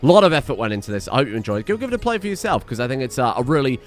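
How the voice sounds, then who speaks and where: A man hosting a let's play, narrating as he goes with excitable, jokey asides and frequent swearing, his voice strained from shouting. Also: mid-range voice, very fast, soft background music. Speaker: gaming channel host.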